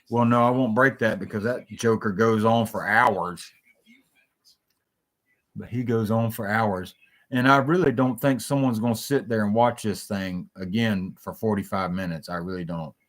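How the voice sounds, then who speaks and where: A man's voice: mid-range voice, a bit bright. A man hosting a solo talk show, rambling and jumping between stories, swearing freely.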